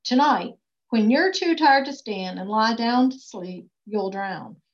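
A woman's voice: fairly high pitch, animated. A woman voicing a vain, fretful king in a storybook reading, drawing out her exclaiming lines. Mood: cold. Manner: drawn-out exclaiming, wailing lines. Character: vain fretful male king, greedy then generous. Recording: dull lo-fi recording.

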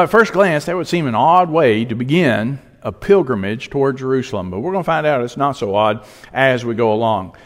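A man preaching a sermon as pastor, emphatic, with dramatic pauses. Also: mid-range voice, big-room sound.

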